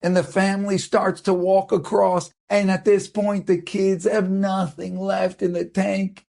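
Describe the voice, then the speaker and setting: A man's voice: high-pitched, flat delivery, measured pace, gravelly. A man, a rabbi, telling an inspirational story as a sermon in a dramatic, impassioned way. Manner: dramatic, rising to impassioned shouts.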